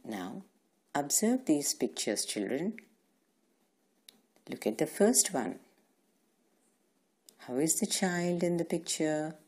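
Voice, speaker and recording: Very low, husky woman teacher. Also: animated, slow, pauses often, darkish tone. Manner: patient, asks questions and answers them herself. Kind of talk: recorded grammar lesson for young children.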